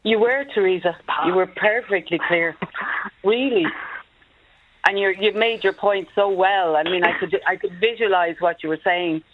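A woman's voice: medium pitch, normal speed, background noise. A woman, a singer on a radio panel, laughing easily and reassuring. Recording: tinny phone line.

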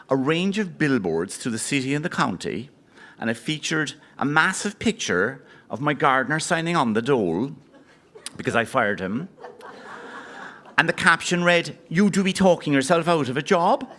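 A man's voice: on the high side, pushed and bright. A man playing a pompous, condescending wealthy man in a live comedy bit on a handheld mic. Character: pompous snobbish wealthy man lecturing locals. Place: live outdoor broadcast before an audience. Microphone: handheld microphone.

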